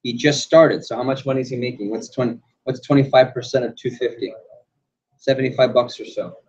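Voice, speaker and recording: A man running a sales training class, animated and quizzing the group with questions. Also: medium pitch, fairly quick. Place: training room. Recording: dull lo-fi recording.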